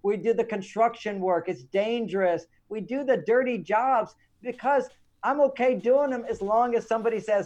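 A man's voice: high voice, darkish tone, muffled recording. Enthusiastic male author on relationships. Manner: enthusiastic, emphatic, quick to agree. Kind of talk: casual conversational interview.

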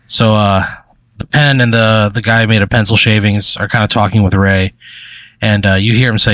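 Low-voiced man game master, rambling. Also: steady tone, moderate pace, a bit bright, no echo. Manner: rambling, filler-heavy narration. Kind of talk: narrating a tabletop role-play.

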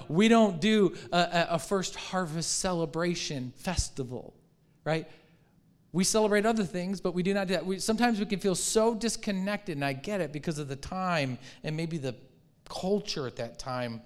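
A man preaching a sermon as pastor, animated and conversational, acting out quoted reactions and asking the congregation questions. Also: a little high. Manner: restarts and repeats words often.

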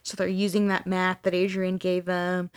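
A woman's voice: on the low side, monotone, moderate pace, clean tone. A woman podcast host casually retelling a story, acting out the dialogue with casual swearing.

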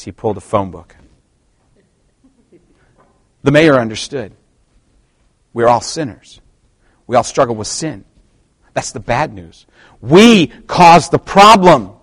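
A middle-aged man preaching a sermon to his church, swinging from quiet asides to loud, emphatic passages. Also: fairly low pitch, unhurried, pauses often, no room sound. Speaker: pastor.

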